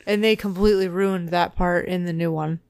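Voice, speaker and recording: A woman's voice: fairly low pitch, steady tone, a little fast, creaky, a little mellow, clean tone, no echo. Blunt opinionated woman, dry close mic. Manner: blunt, opinionated, short replies. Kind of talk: casual chat.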